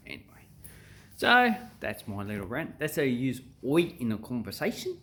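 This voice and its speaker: A man's voice: medium pitch, normal speed. A man with an Australian accent explaining slang in a casual, joking vlog. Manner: animated, joking, crude. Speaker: vlogger.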